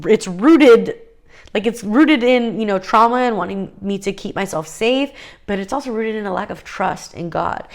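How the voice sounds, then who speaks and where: A young adult woman vlogger talking casually and earnestly, confiding with fillers and restarts. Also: mid-range voice. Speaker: faith vlogger. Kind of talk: casual heartfelt talk to camera.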